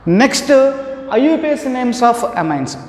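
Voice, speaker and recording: Indian English male lecturer with a high voice, slow and repetitive, recorded in a roomy classroom with long reverb. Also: sing-song, darkish tone. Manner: slow, repetitive explanation with many fillers. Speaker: chemistry lecturer.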